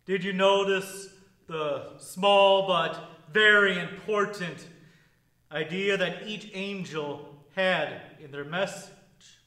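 A man preaching a sermon as pastor, with a measured, deliberate liturgical delivery. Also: high-pitched, bright, forceful tone, reverberant, low-quality recording.

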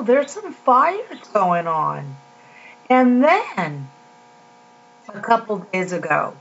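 In a dull lo-fi home recording, a Christian video host with a slightly high, fairly bright voice shares a casual devotional talk. Her storytelling is slow, earnest, heartfelt and rambling.

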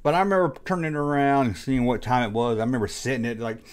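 A middle-aged man hosts a casual, nostalgic vlog, animated and full of jokes, often acting out how he reacted as a kid. His voice is medium in pitch and he talks fast.

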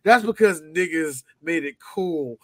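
A man's voice: on the high side, animated, a little slow, fairly bright tone. A man co-hosting a podcast in casual, profane, joking chat. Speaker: podcast co-host.

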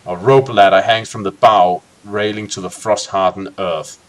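A man's voice: lowish voice, steady tone, normal speed. A man hosting a co-op game session, reading a gamebook aloud expressively and tossing in joking asides. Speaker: let's play host.

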